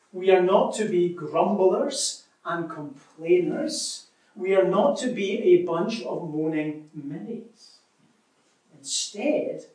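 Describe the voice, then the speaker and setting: An earnest male preacher with a fairly high voice delivers his sermon with emphatic swells and quiet drops. He stands well back from the microphone. A heavy echo from a large hall surrounds every word. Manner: earnest, emphatic, shifts between loud and soft. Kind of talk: sermon with read-aloud story. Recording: echoey hall, speaker far from mic.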